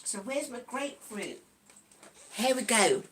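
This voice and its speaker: A cheerful woman in her sixties chats on a live stream with a high, bright voice. She giggles between lines and greets her viewers one by one in a friendly, rambling way. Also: animated, measured pace. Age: 60s. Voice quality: giggly, breaks into snatches of song. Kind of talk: casual live-stream chat.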